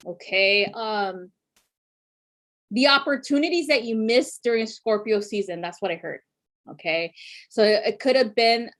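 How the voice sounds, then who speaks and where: Chatty, profane woman giving zodiac readings. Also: medium pitch. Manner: chatty and profane, heavy filler words; laughs often while talking. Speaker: astrology reader. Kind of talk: casual weekly zodiac reading.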